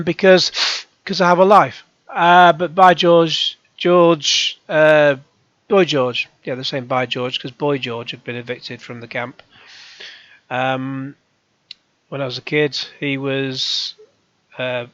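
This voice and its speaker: A man's voice: mid-range voice, a bit bright, no echo. A man in his forties with a cold, talking in a rambling casual monologue full of ums, restarts and the odd swear. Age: 40s. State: has a cold. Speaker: channel host. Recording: dull lo-fi dry sound.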